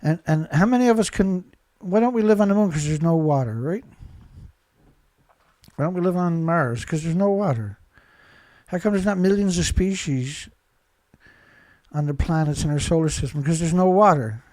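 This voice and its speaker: A man's voice: a little high, animated, moderate pace, long pauses, darkish tone, no echo. A man hosting a live show, giving an angry, ranting commentary full of insults and repeated rhetorical questions, a little congested. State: congested, blowing nose.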